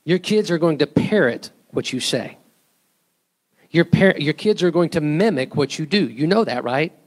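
A man preaching a sermon in a church, his voice pitched a bit higher than most men's. He talks to the congregation in a casual, conversational way and keeps asking them rhetorical questions. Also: animated, moderate pace. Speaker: pastor.

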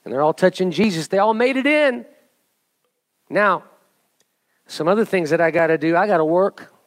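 A middle-aged male pastor preaching a sermon with an object lesson, jokey and animated, building to emphatic calls to the congregation. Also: high-pitched, normal speed, no echo.

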